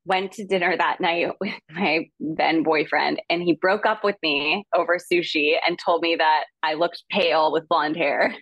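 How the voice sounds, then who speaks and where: A woman's voice: fairly even intonation, a little slow, a bit bright, no room sound, muffled recording. A woman guest on an interview show, telling a story casually with lots of fillers and laughter, and acting out the people she quotes. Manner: chatty, filler-heavy, laughs often, acts out quoted voices in a higher pitch. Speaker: guest actress.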